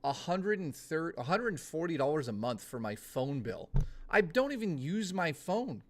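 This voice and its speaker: A young man rants through a casual live stream, swearing freely and laughing things off. His voice sits a little higher than most men's. He mixes exasperation with easygoing chat. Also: sing-song, a bit bright, a little hiss or hum. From Canada. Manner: profane, ranting, quick to laugh.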